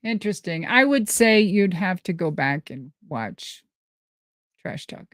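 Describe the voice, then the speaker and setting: A woman's voice: fairly low pitch, unhurried, no echo. Woman from minnesota telling stories, swears a lot, laughs a bunch, dry close sound. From Minnesota, USA. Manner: lively, profane, laughs often. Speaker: guest answering live questions. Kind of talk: casual storytelling.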